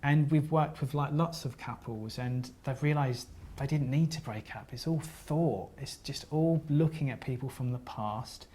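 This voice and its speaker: A man speaks at a weekend seminar, sharing a story in an earnest, unpolished way. He often trips over his words and starts again, and he apologises gently when a point sounds sentimental. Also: mid-range voice, breathy edge. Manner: earnest, halting, with frequent restarts.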